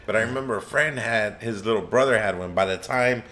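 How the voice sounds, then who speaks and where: A young man co-hosting a casual comedic chat, relaxed and agreeable, often chiming in. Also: lowish voice, a little fast. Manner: laid-back, agreeable, frequent backchannel. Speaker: co-host.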